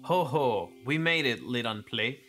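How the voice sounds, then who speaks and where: A man's voice: mid-range voice, normal speed, fairly bright tone, soft background music, close to an everyday voice. A man putting on a jolly old sea skipper. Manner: hearty pirate-like drawl with "ho ho".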